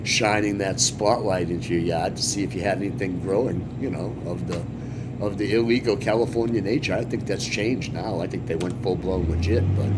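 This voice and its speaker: A man from Massachusetts giving rambling, joking commentary while streaming a farming game. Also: on the low side. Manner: chatty, rambling, joking asides. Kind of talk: casual gameplay commentary. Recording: game vehicle engine noise behind.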